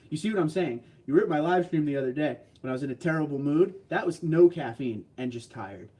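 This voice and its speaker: A man's voice: fairly high pitch, lively intonation, fairly quick, dark tone, slightly rough. A man hosting a casual livestream, reading out chat messages in a laid-back way, tired from little sleep but upbeat and chuckling often. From New Jersey, US. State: short on sleep.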